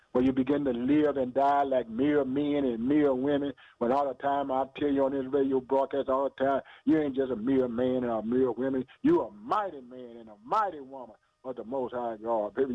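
A man's voice: medium pitch, normal speed, no echo. A man preaching a radio sermon, firing rhetorical questions and calling listeners "boy" and "man," with laughs and hallelujahs between lines. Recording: tinny phone-like radio sound.

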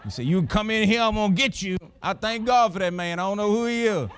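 A man's voice: sits high, quick pace, fairly bright tone. A middle-aged man preaching a sermon, folksy and emphatic, chuckling as he tells personal stories.

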